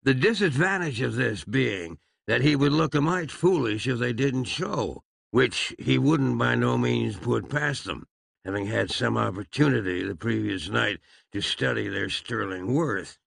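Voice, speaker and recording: A man narrating a comic western audiobook with a wry, lively storytelling manner. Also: medium pitch, a little slow, creaky, slightly rough, no echo.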